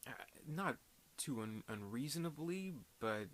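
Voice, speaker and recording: A man's voice: medium pitch, animated, unhurried, fairly bright tone, slight background noise. A man casually reviewing a film, rambling with many fillers and restarts.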